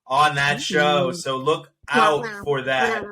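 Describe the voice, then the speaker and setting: A man's voice: on the high side, slow, a crowd in the background. A man co-hosting a podcast, telling funny stories in casual chat and laughing often. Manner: joking, animated storyteller who laughs often. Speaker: podcast co-host.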